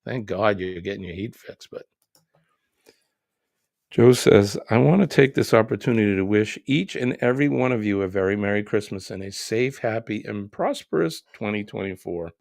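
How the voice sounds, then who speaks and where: A man's voice: on the low side, animated, normal speed, vocal fry, darkish tone, no room sound, studio quality. A middle-aged man hosting a live stream, reading viewer comments aloud and chatting about them in a joking, easygoing way. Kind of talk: casual live chat.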